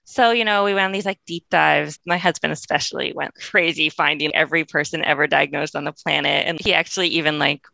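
Gravelly woman in her 30s, bright voice, chatty and fast, dry sound. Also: low-pitched, no room sound. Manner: fast, chatty, laughs often, quotes people in lively voices. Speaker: guest. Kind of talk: podcast interview storytelling.

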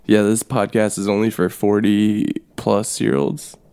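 A man's voice: on the low side, unhurried, clear, resonant tone. Rambling sarcastic man co-hosting a podcast. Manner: rambling, self-deprecating, deadpan sarcasm. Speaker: podcast co-host. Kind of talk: casual comedic chat.

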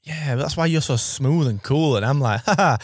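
Man in his 30s, podcast co-host, excitable, giggly, cracking voice, mid pitch. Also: fairly quick, dry recording, studio quality. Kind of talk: casual podcast chat. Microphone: studio podcast mic.

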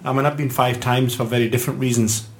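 A man, a guest on a panel, telling quick anecdotes with a chuckle in a casual chat. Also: medium pitch, steady tone, a little hiss or hum. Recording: roomy echo.

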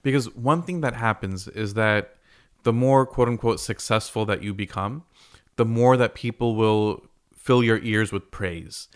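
A man hosts a podcast, explaining ideas in a conversational, storytelling monologue with frequent restarts. His voice is lowish and smooth, and he speaks a little slowly.

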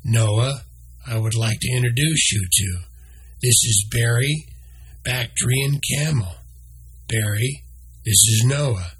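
A man's voice: medium pitch, slow pace, pauses often, husky. A man voicing a confident, playful male meerkat who guides and teases a boy.

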